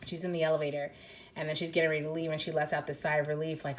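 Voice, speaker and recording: Woman, lowish voice, casual tarot reading, rambling, lots of filler words, unsure and searching. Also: flat delivery, racing, slight background noise. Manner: rambling, heavy use of "like", tentative. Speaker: tarot card reader. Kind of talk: casual intuitive card reading.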